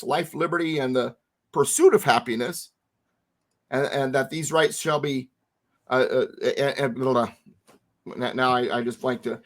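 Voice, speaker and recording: A man teaching a founding text to a co-host, emphatic and lively, repeating words for stress. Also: mid-range voice.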